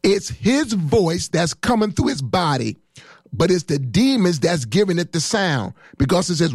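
A man's voice: sits high, very animated, unhurried, breathy edge, no room sound, clean studio sound. A man in his fifties, a pastor, preaching with fiery emphasis and rhythmic repetition. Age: 50s. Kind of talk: sermon.

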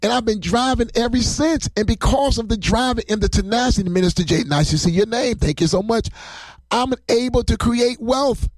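A man's voice: very high voice, moderate pace, no room sound. A man preaching on a livestream as a pastor, rambling and emotional, often breaking into laughter.

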